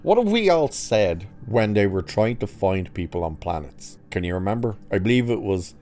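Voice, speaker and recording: A man with a low, dark, mellow voice recaps a TV episode in a loose, casual way. He is sarcastic and mocking throughout, swearing freely as he picks apart the plot. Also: sing-song, moderate pace, hardly any pauses. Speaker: reviewer.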